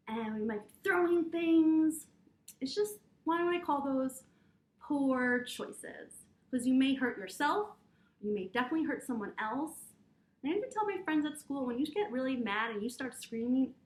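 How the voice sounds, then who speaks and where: A young adult woman, a teacher, giving young children a gentle, encouraging lesson with breathing exercises and speaking straight to them. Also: high voice, unhurried. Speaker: preschool teacher.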